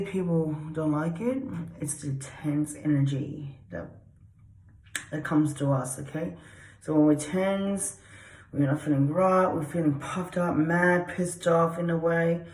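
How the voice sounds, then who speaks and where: A woman's voice: low voice, a little mellow. A woman giving an unedited, casual explainer talk as a self-styled dog and human psychologist, rambling and repeating herself and swearing for emphasis. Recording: roomy echo.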